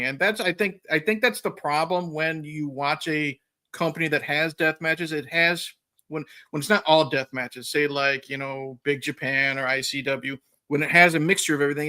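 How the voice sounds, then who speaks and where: A man with a bright voice and a slightly raised pitch hosts a casual interview. He rambles in a chatty way, packing his talk with fillers. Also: normal speed. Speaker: podcast host.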